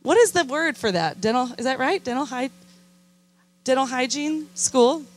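An earnest teenage girl talking to God in a sing-song, mock-earnest way, as a woman preacher puts her on. Her voice sits fairly high. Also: lively intonation, moderate pace. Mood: chirpy.

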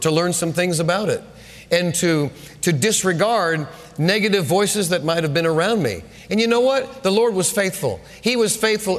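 An older man preaching a sermon, repeating his points emphatically and rising to shouts. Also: high-pitched, long reverb tail.

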